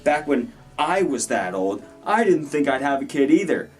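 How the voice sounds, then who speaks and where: A man's voice: mid-range voice, sing-song, normal speed, slightly rough. A man, delivering a heated, profane rant on his channel. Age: 20s. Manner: heated, profane, repetitive ranting. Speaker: gaming YouTuber. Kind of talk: angry vlog rant. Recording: distant mic with faint music.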